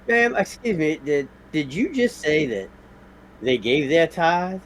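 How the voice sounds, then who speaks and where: A man's voice: fairly high pitch, animated, takes it slowly, slight background noise, pitched below the performer's own voice. A man voicing a formal, courtly nobleman who speaks with old-fashioned politeness and stammers when he is upset. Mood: earnest.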